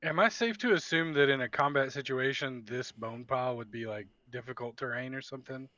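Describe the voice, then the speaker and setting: A man playing a tabletop game over voice chat, speaking slowly and thoughtfully as he asks about the rules. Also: mid-range voice, bright, forceful tone, lo-fi sound. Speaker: player.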